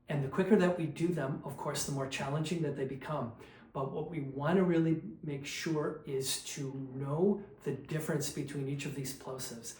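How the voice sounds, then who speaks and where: A man teaching diction drills in a calm, explanatory way, demonstrating each exercise aloud. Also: a little high, brisk. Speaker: vocal coach. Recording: roomy echo, faint background noise.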